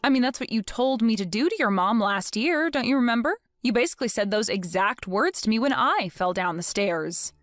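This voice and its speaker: A woman's voice: on the high side, expressive, fairly quick, hardly any pauses, no room sound, clean studio sound, soft background music, natural voice. A woman voicing a cold, vengeful young wife. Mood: scheming. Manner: cold, taunting, mock-innocent. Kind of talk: dramatized story narration.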